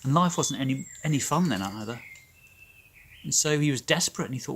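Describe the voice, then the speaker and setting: A man leading a children's club, telling a Bible story in an animated, emphatic way. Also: medium pitch, fairly quick, a little hiss or hum.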